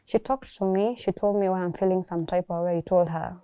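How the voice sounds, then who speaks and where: Kenyan woman, personal testimony, reflective, warm low voice. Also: fairly even intonation, smooth, dry recording. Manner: reflective, soft-spoken, pausing and restarting. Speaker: guest sharing her story.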